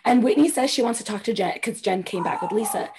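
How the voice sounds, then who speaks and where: A woman co-hosting a casual chat, recapping reality TV, animated and swearing, acting out quotes. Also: mid-range voice, quick pace, noisy background. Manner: animated, swearing, acts out quotes with loud squeals. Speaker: podcast co-host recapping reality TV.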